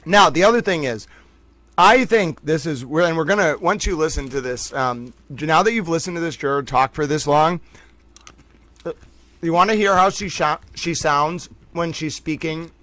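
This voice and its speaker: High-voiced guy on a livestream, playful, laughs a lot, super dry close sound. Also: normal speed, sharp tone, no echo. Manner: playful, laughs often, mock-dramatic. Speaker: livestream host. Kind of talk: casual livestream chat.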